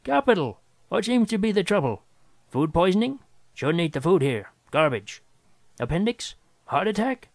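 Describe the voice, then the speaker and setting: A man voicing an excitable doctor who chatters eagerly about his patient's possible ailments. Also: sits high, no room sound, pitched above the performer's own voice. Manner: rapid-fire, gleeful.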